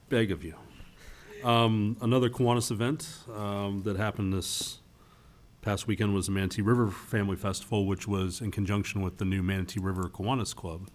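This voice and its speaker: A man with a deep, low voice gives council meeting updates in a friendly way, with playful asides. A faint noise runs behind him. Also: a little mellow. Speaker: city council member. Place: council chamber.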